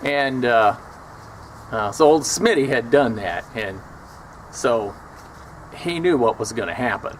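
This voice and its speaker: A man's voice: mid-range voice, animated, slow, long pauses, slight background noise. A man telling a story from his years as a prison officer, wry and scornful, acting out the people he quotes. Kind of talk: casual storytelling.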